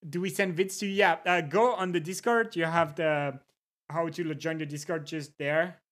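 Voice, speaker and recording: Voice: mid-range voice, steady tone, normal speed, a bit bright. A livestreamer in casual chat, reading viewer messages aloud, greeting people, and repeating words with amusement.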